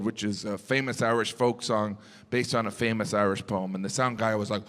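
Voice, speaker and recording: A man's voice: on the low side, fairly even intonation, quick pace. A male stand-up comedian on stage, with a wry, exasperated observational delivery into a handheld mic. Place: live venue on stage. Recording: echoey hall with loud ambience.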